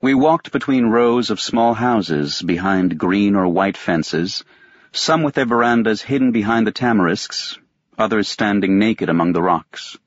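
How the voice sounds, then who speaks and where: A man reading a novel aloud as an audiobook narrator, in a measured, detached first-person telling. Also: on the low side, dry recording, lo-fi sound. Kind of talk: scripted narration.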